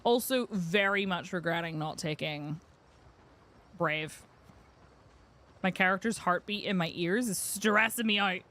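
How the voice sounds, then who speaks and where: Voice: medium pitch, a little slow, pauses often, bright, forceful tone. A streamer from the UK giving wry, muttering running commentary while playing a game. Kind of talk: casual gameplay commentary.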